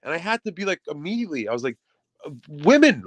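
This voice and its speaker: A man's voice: fairly high pitch, very animated, quick pace, dry recording. A man telling rambling stories on a casual podcast, swearing freely and acting out what people said. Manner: rambling storyteller, swears freely, acts out quotes. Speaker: podcast co-host. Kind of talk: casual chat.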